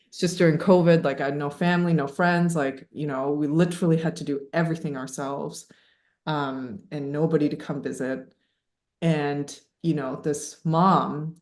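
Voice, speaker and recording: A woman in her thirties telling a personal story as a podcast guest, animated and laughing, with many fillers. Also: deep voice. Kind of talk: casual storytelling interview. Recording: echoey room.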